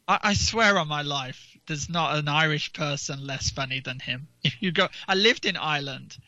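A man's voice: on the high side, normal speed, pushed and bright, dry recording. A man co-hosting a casual talk show, rambling and mocking, sometimes mimicking people's voices. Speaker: podcast co-host. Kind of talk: casual chat. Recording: dull lo-fi dry sound.

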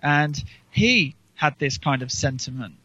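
A man's voice: a little high, expressive, unhurried, sharp tone, no echo. A man co-hosting a podcast, chatting casually about politics and rambling with frequent ums and restarts. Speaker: podcast co-host. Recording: dull lo-fi recording.

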